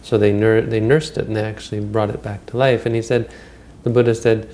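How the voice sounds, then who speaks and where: A man's voice: on the low side, little pitch movement, brisk, mellow. A man giving a Buddhist dharma talk, retelling old stories in a rambling, conversational way with frequent restarts. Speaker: Buddhist teacher.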